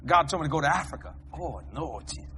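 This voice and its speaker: An American man preaching a sermon, telling stories in an animated way, shouting and laughing as he goes. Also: on the high side, fast, a little hiss or hum. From United States. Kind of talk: storytelling sermon.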